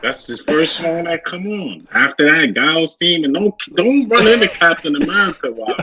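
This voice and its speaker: A man's voice: a little high, lively intonation, moderate pace, over a noisy crowd, rough recording. A man co-hosting a podcast, joking in slangy casual talk and repeating phrases. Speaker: podcast co-host. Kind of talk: casual chat.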